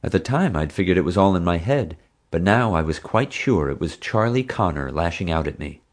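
A man narrating an audiobook in the first person, in an expressive storytelling manner. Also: deep voice, a little fast.

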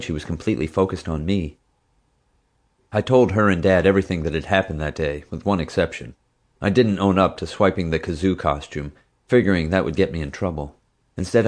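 A man narrating a first-person audiobook in an even, steady storytelling manner. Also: low voice.

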